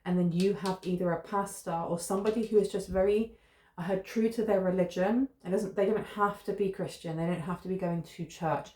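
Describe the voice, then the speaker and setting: A woman's voice: on the low side, fairly even intonation, brisk, warm tone. A woman giving a musing spoken tarot reading and often repeating her points. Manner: musing, repeats herself, loosely hedged. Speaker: tarot reader. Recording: roomy echo, faint noise.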